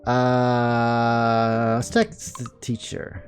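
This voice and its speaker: A man's voice: medium pitch, moderate pace. A young man reading a visual novel aloud for a let's play, breaking in with wry, joking asides. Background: soft game music.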